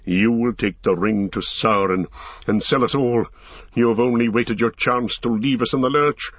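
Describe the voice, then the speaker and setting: A man's voice: medium pitch, fairly even intonation, normal speed, no room sound, natural voice. A man voicing a proud, fervent tall warrior in an audiobook, impassioned, pleading and raging. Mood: furious. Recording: slightly dull lo-fi recording.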